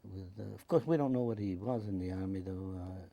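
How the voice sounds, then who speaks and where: A man's voice: low-pitched, brisk, vocal fry, no room sound. An older man from the United States with a New York accent, recounting memories in an oral history interview and acting out other people's words. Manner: animated, acts out voices in quotes. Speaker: veteran interviewee.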